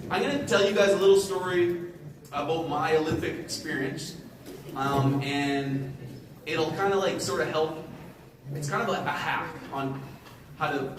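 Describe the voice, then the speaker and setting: A man in his forties telling a casual, motivational story to an audience he addresses directly. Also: on the high side. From Canada. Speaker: guest speaker. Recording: echoey hall from far off, noisy.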